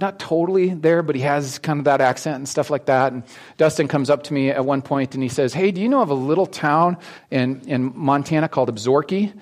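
A man preaches a sermon in a chatty, storytelling way. He often hesitates with ums and restarts his sentences. His voice sits at an ordinary middle pitch. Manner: halting, many ums and restarts; conversational storytelling. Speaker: pastor.

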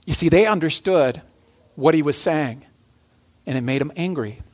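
A man's voice: a little high, normal speed. A man preaching a sermon as a pastor, earnest, often restarting and repeating phrases.

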